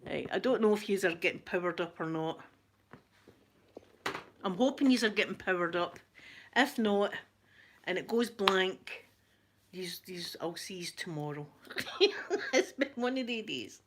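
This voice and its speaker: A woman's voice: on the low side, lively intonation, a little slow, long pauses, a bit bright, a little hiss or hum. A Scottish woman chatting casually to her viewers at home through a laptop, self-mocking and laughing often. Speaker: ASMR vlogger.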